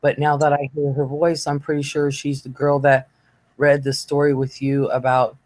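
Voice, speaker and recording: A woman's voice: low voice, completely flat delivery, moderate pace, darkish tone. A woman hosting a casual live chat, reading viewer comments aloud and laughing often with a playful, teasing manner. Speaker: host.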